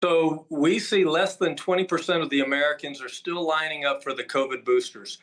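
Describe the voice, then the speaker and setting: A man's voice: fairly high pitch, steady tone, normal speed, a bit bright. A man speaking as a doctor who is an interview guest, emphatic and listing his points one after another with frequent "uh" fillers.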